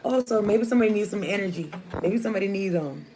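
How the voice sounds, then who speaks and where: A tarot reader with an animated, mid-range voice talks fast, giving her viewers a casual, rambling reading full of chat and slang. It's a noisy home recording.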